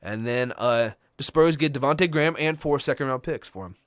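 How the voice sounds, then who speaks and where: A man's voice: mid-range voice, a bit bright, no room sound. Dry-voiced man running through trades. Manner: rundown of trades, fillers and quick asides. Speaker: podcast co-host. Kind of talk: casual sports chat.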